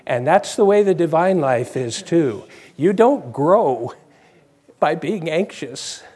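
A man's voice: a little high, lively intonation, slow pace, darkish tone, husky. A man preaching a conversational sermon, asking his congregation questions.

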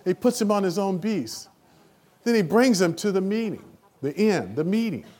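Emotional man preaching a sermon. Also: high-pitched. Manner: animated, emotional preaching with sudden loud rises; halting, repeats words.

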